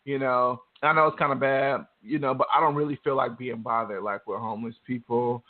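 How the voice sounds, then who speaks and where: A man's voice: medium pitch, steady tone, fairly quick. Candid rambling man on a phone line. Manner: laid-back, rambling, candid with profanity. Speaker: podcast co-host. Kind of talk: casual podcast chat.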